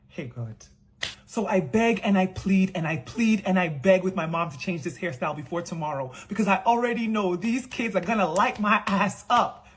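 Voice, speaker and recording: A young woman telling an animated storytime vlog, acting out the people she quotes. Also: lowish voice, normal speed, a little hiss or hum. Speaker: beauty creator.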